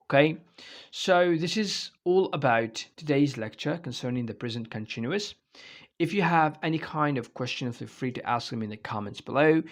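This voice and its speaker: A man giving an online English grammar lecture, explaining step by step and checking in often with "okay?" and "right?". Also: mid-range voice. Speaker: English teacher.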